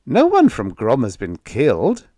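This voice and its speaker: A man's voice: medium pitch, huge pitch swings, a little slow, dark tone, dry recording, clean studio sound, voice pushed up. A man voicing a carefree male alien shapeshifter in the form of a dog, easygoing and cheerful.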